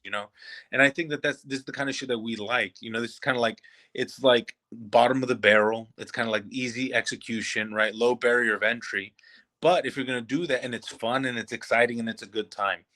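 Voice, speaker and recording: A man's voice: medium pitch, steady tone, a little fast, pushed and bright. A man co-hosting a podcast, talking loosely about films with many fillers and restarts. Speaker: podcast co-host. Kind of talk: casual film review chat.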